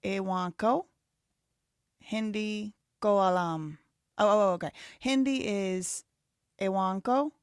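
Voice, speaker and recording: A woman's voice: mid-range voice, takes it slowly, long pauses, clear, resonant tone, no room sound, clean studio sound. A woman in her thirties hosting a live stream, rambling casually and thinking aloud with lots of "like" fillers. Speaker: livestream host.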